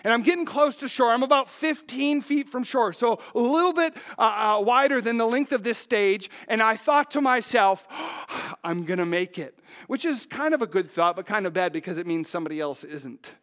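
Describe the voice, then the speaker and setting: A man telling a story to an audience from a stage, halting with fillers and dropping to a hush at tense moments. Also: extremely high pitch. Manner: halting, with many fillers and restarts. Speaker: speaker on stage.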